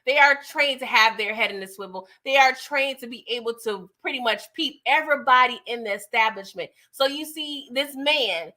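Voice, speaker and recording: Bright-voiced chatty woman recapping TV. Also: a little high, moderate pace, few pauses. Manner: chatty, slangy, laughs often. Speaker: TV recap reviewer. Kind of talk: casual TV recap commentary.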